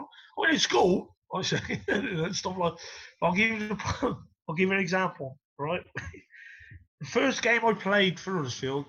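A middle-aged former footballer, telling stories casually, swearing and laughing a lot. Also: male voice, high-pitched, slightly rough. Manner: swears a lot, laughs through stories, gets loud when excited. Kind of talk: casual storytelling interview. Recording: dull lo-fi audio.

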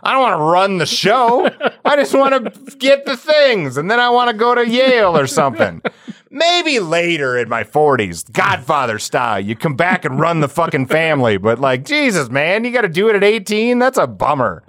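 Profane, animated man telling stories. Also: sits high, no room sound, clean studio sound. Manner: profane, laughing storyteller; does quick impressions of people in his stories. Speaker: podcast co-host. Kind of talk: casual chat.

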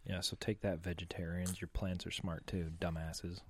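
A man guesting on a podcast, tossing off dry, teasing jabs in easygoing chat. His voice sits a little low. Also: level tone, moderate pace, slightly rough. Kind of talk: casual chat.

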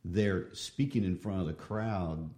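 A man's voice: low voice, measured pace, mellow. A man in a casual book discussion, talking in a thoughtful, reflective way. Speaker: co-host discussing a novel.

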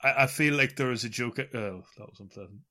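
A man's voice: medium pitch, fast talker, pushed and bright. A man from England co-hosting a podcast, hesitant and self-deprecating, often restarting his words. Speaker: podcast co-host. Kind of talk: casual banter.

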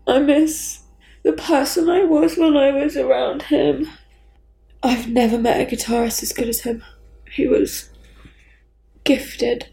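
A grieving woman talking candidly as a guest, halting and raw, swearing bluntly. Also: sits high, steady tone, vocal fry, warm tone, echoey room, rough recording. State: grieving, near tears. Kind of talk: candid conversation.

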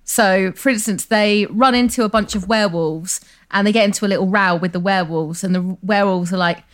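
A woman's voice: medium pitch, fairly quick. A woman co-hosting a podcast in casual chat, bubbly and giggly as she tells stories. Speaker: podcast co-host.

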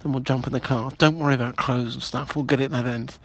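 A man's voice: medium pitch, steady tone, fast, gravelly. A man leaving pushy, conspiratorial voicemails, calling the listener mate. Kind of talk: improvised comedy voicemail. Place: car.

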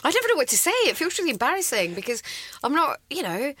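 A woman chatting as a guest, an animated storyteller who acts out quoted voices and laughs often. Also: high-pitched, fast. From Scotland. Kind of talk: casual chat.

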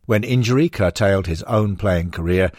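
A man narrating a sports history audiobook in a measured storytelling manner. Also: sits low, darkish tone, no echo, studio quality.

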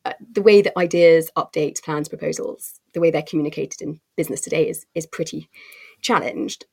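Low gravelly woman, husky voice. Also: brisk, a little mellow. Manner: articulate and expansive, with frequent fillers and restarts. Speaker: company co-CEO guest. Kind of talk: podcast interview answers.

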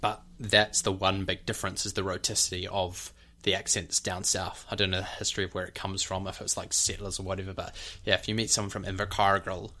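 This New Zealand-accented man talks in a low register with a level, sharp tone, moving briskly with few pauses. He sounds like a podcast teacher casually explaining things and demonstrating speech sounds.

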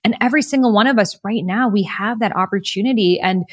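A woman from the United States, a podcast guest sharing her story in an earnest, animated, spiritual-motivational way. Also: medium pitch, fast, breathy edge, no echo, clean studio sound. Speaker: podcast guest, author and coach. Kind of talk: reflective conversational storytelling.

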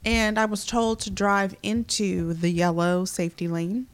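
A woman's voice: medium pitch, level tone, a little slow, clear, resonant tone. A woman co-hosting a casual chat among friends, telling a story in a blunt, profane way. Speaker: podcast co-host.

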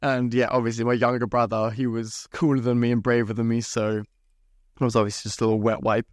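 A man's voice: medium pitch, level tone, fast talker, no echo, clean studio sound. A young man from Zimbabwe hosting a podcast, telling rambling, chatty stories with casual swearing. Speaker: podcast host. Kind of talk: casual storytelling monologue.

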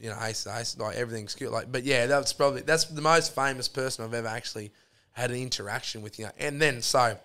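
A man's voice: mid-range voice, fast talker, sharp tone. An Australian man, a podcast guest, telling long rambling stories in casual chat, full of swearing and fillers.

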